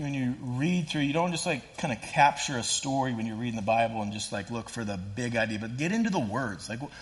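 A man preaching a sermon in a relaxed, conversational way, full of "like" and "kinda", and acting out the scripture quotes with feeling. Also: on the high side. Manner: casual, animated preaching with fillers like "kinda" and "like"; voices scripture quotes with rising intensity. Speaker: pastor.

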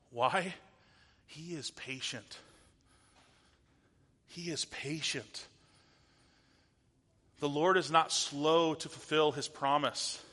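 Guy pastor in his 30s preaching casual style, bright tense voice, big echoey hall. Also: fairly high pitch. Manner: conversational, animated, asks the audience rhetorical questions. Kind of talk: sermon. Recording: long hall reverb.

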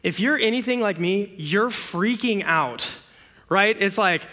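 Preaching with a conversational, casual tone, this young man from a campus ministry keeps asking his audience quick rhetorical questions. His slightly high voice is bright and strong, becoming animated whenever he dramatizes ordinary moments.

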